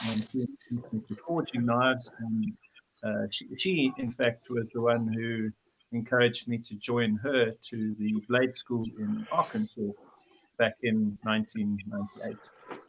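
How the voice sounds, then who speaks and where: A man explains his working habits plainly and practically, in a mid-pitched voice. He comes through a dull, muffled video call. There is faint noise behind him. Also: level tone, measured pace. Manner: matter-of-fact, practical. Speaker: knifemaker guest. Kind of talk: casual panel chat on a video call.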